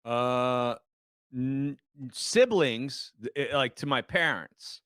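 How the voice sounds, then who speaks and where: A man trading deadpan, halting comic banter as a guest on a video-call comedy show. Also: mid-range voice, clear, resonant tone, no room sound, studio quality.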